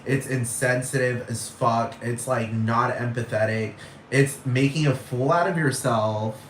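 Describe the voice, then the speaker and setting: A man's voice: medium pitch, fairly even intonation, measured pace, slight background noise. Man ranting in an echoey room. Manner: blunt, heated, repetitive. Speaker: vlogger. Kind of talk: profane ranting monologue.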